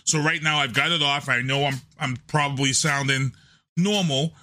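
A man's voice: mid-range voice, moderate pace, pushed and bright. A man hosting his live podcast in a home studio on a desk microphone, chatty and loose, often repeating himself. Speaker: podcast host. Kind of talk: casual live show talk. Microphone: desk USB microphone.

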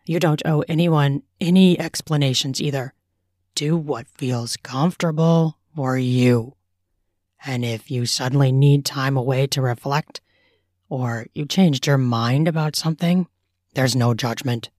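A gentle, composed man leads with a steady, lowered voice, direct and kind in an audiobook reading, as a woman puts him on. The delivery is dry and close. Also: unhurried, no room sound. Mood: reassuring. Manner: calm, direct, reassuring. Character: calm caring male party host, a gentle leader.

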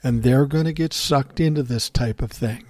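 A man's voice: medium pitch, moderate pace, darkish tone, no echo, clean studio sound. An older man hosting a podcast, giving solo political commentary in a heated, profane rant. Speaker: podcast host.

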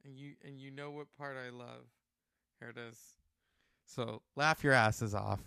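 A man hosting a casual talk show, animated and outspoken, swearing freely. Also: mid-range voice, measured pace, vocal fry, clean tone, dry recording. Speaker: host.

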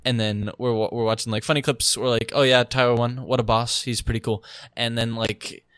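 A man's voice: mid-range voice, level tone, fairly quick, a bit bright, clean tone, no room sound. A man who streams, chatting casually and telling a rambling story with laughs. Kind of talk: casual chat.

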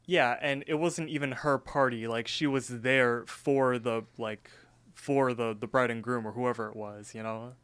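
A man co-hosting a podcast, telling stories in an animated way and swearing casually. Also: medium pitch, a little slow, smooth. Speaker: podcast co-host. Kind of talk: casual chat.

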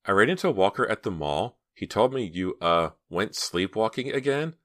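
A man voicing teenage girls in an audiobook, raising his voice above his own low register for their dialogue. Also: lively intonation, moderate pace, no room sound, clean studio sound, natural voice. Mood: chatty. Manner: lifts his voice higher and louder for the girls.

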